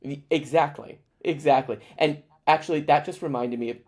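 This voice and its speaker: A man chatting as a guest on a podcast, telling stories in an animated way with lots of fillers. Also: a little high, moderate pace. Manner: animated storyteller, frequent fillers. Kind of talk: casual chat.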